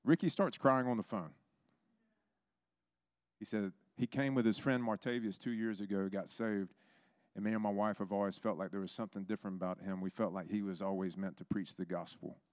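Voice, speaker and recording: A man's voice: on the low side, steady tone, fairly quick, dry recording, studio quality. A man preaching a sermon, telling stories and acting out the voices in them. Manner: storytelling, acts out quoted voices.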